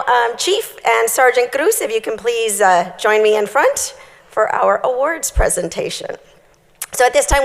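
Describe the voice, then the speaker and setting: A woman with a rather high voice emcees a ceremony, announcing awards in an upbeat, friendly way. Her voice carries a long reverb through a large hall. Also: vocal fry.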